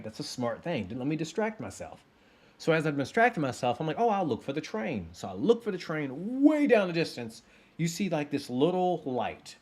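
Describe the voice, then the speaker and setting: A man in his thirties telling a casual personal story to his listeners, animated and playing out his own inner voice. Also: medium pitch. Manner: animated, acts out sounds and inner voice. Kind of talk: casual anecdote told to listeners.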